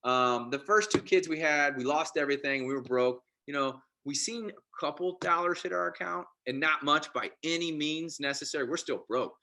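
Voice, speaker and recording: Male guest, forceful bright tone, animated, stumbles and restarts, casual story. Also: a little high, normal speed, few pauses. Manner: animated, with frequent restarts and repeated words. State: married father. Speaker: podcast guest.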